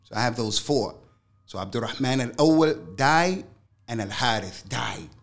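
A middle-aged man, a religious scholar, speaking as a podcast guest. His voice sits at an ordinary pitch for a man. He tells a personal story in loose, slangy speech and restates lines for emphasis. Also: animated, moderate pace. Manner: emphatic and slangy, repeats phrases for weight. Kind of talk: interview storytelling.

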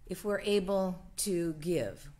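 A woman minister leading a church livestream offering and prayer in a slow, gentle, prayerful cadence. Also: on the low side.

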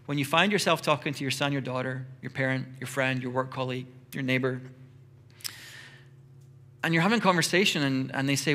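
A middle-aged man preaches in a church with an ordinary mid pitch. He talks lively, dropping into brief acted-out exchanges with quick voices. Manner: lively, acts out little dialogues in quick voices. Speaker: pastor. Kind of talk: sermon.

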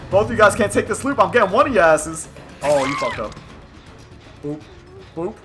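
A young man giving excited, profane live commentary while playing a video game and talking at his opponents. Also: high-pitched, normal speed. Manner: hyped, profane, talks to opponents on screen. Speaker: gaming streamer. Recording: game music behind the voice.

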